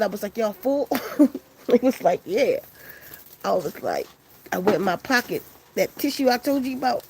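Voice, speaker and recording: A woman's voice: medium pitch, a little hiss or hum. A woman casually telling a long story to her viewers, loose and profane, acting out the people in it. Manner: loose, profane, animated retelling with quoted voices.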